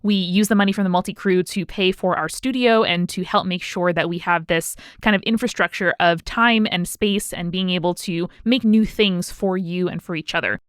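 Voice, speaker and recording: A woman's voice: lowish voice, fairly even intonation, brisk, few pauses, clear, resonant tone, no echo, studio quality. A woman co-hosting a podcast, reading sponsor notes and chatting with a guest in an upbeat way. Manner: upbeat, reads promos then chats. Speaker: podcast co-host. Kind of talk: casual podcast chat.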